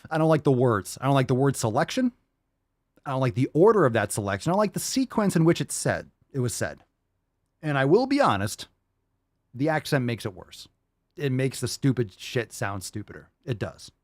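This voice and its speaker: A man's voice: medium pitch, big pitch swings, moderate pace, no echo, clean studio sound. A man hosting a livestream podcast, ranting casually in a profane, emphatic and repetitive way. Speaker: podcast host.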